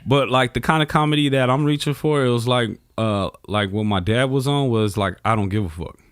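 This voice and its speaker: A man's voice: mid-range voice, fairly quick, clean tone, no echo. Slangy storytelling man, dry close sound. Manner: animated storyteller, slangy, swears freely. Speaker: comedian guest. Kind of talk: casual podcast chat.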